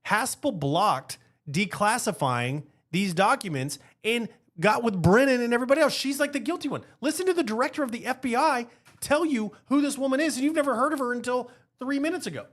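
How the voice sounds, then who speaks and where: A man hosting a podcast, giving heated political commentary in an animated, rhetorical way and often tagging his points with a question. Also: extremely high pitch, a little fast. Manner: animated, rhetorical, keeps asking "right?". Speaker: podcast host.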